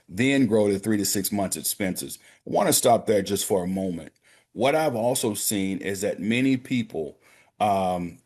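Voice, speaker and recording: A banker gives a practical talk on financial literacy during a prayer call, addressing his listeners directly as gentlemen and brothers. His voice is low-pitched.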